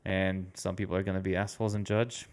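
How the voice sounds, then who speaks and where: Laid-back man in his thirties, gravelly. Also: low voice, little pitch movement, fast talker, darkish tone. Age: 30s. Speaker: podcast host. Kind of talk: casual podcast chat.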